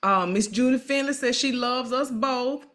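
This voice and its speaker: Her voice sits high with a fairly bright tone, and she talks at a moderate pace. She's the host of an emotional live-stream interview, supportive and prone to repeating herself.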